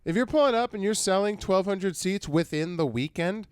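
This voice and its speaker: A man's voice: sits high, animated, moderate pace, smooth, no echo, studio quality. A young man co-hosting a podcast, swearing freely and laughing through casual banter. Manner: profane, laughs a lot. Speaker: podcast co-host.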